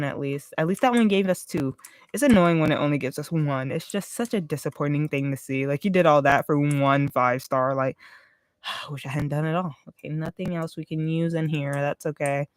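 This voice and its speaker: A chatty, expressive game streamer talks through a live stream in a dry, close sound. The voice is a little congested, sitting at a middle pitch, and it explains strategy while thinking out loud. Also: smooth, no room sound. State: congested, sniffling. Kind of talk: casual gaming live-stream commentary.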